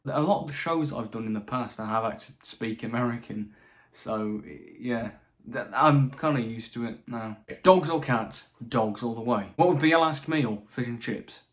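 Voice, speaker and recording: A man's voice: mid-range voice, moderate pace. Chatty young British man. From Britain. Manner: chatty, stumbling restarts, dry asides. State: voice slightly tired late at night. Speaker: channel host answering viewer questions. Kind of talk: casual Q&A monologue.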